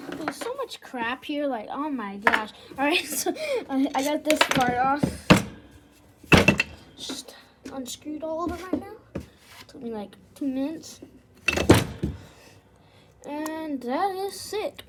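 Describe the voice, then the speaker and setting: A woman with a notably high voice gives casual, chatty commentary as she works through a repair job, laughing often and slipping into a whisper now and then. Loud background noise and tool clicks sit under her voice throughout. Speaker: vlogger taking apart a machine. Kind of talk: casual running commentary while working.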